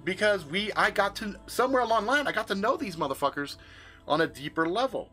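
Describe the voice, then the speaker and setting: A man hosts his own livestream from a room stocked with gear and vents to his viewers. His voice sits a little high and sounds bright and cutting. His pitch swings widely as he curses and talks in an emphatic, casual way, with faint music underneath. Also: fast. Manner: profane, animated and emphatic. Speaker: livestream host.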